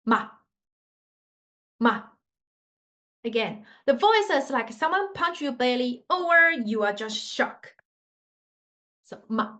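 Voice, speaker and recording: A woman's high, pushed, bright voice swings widely in pitch as she walks learners through Mandarin tones. She demonstrates slowly and patiently, her English grammar noticeably non-native.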